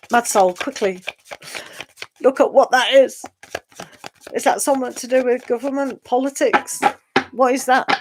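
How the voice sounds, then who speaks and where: A woman's voice: on the high side, noisy background. A middle-aged woman with a British accent, a tarot reader chatting casually with her live-stream viewers, sighing and laughing as she talks. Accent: British English. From England. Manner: chatty, sighing and laughing, drawn-out slow talk.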